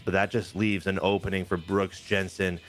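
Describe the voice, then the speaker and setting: A man with a fairly low voice tells a joking, animated play-by-play of wrestling game matches. Faint music plays behind him while he talks. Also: normal speed. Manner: animated, jokey play-by-play storytelling. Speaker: co-host recapping a wrestling game. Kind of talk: casual gaming chat.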